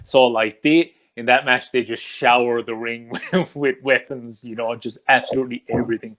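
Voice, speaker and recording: A man hosting an interview, asking questions in a halting way full of "uh" and "um". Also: mid-range voice, fairly even intonation, a bit bright. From Ireland. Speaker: podcast host. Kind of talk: casual interview.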